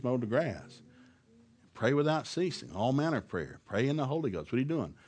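During a church service, a man preaches a sermon to his congregation in a homespun, emphatic, husky mid-range voice. He chuckles between lines and rises to loud, fervent peaks whenever he quotes scripture.

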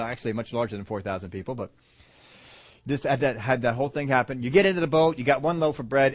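A man preaching a sermon, with lively delivery and rhetorical questions to the congregation. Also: fairly high pitch. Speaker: pastor.

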